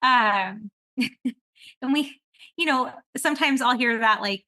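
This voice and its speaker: Brief: woman podcast host, bright and a little high, talks in loose rambling chat with lots of laughs. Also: slow, dry recording. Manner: rambling and animated, with frequent laughter. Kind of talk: casual conversational podcast chat.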